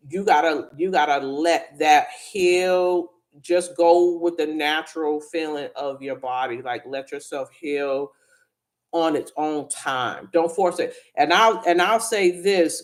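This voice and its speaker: A woman hosting a livestream, talking candidly and earnestly to viewers, with frequent restarts. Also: low voice. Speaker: livestream host. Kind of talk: casual livestream chat.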